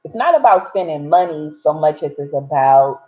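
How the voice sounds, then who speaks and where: A woman's voice: deep voice, lively intonation, moderate pace. A woman hosting a live gratitude session, chatting casually and rambling with lots of fillers. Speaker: host of a live gratitude practice. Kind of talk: casual live-stream chat. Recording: dull lo-fi sound.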